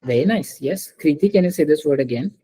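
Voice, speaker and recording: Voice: mid-range voice, lively intonation, a little fast, dark tone, slightly rough, poor audio. A teacher giving an online French class over a video call, patiently repeating words and calling on students.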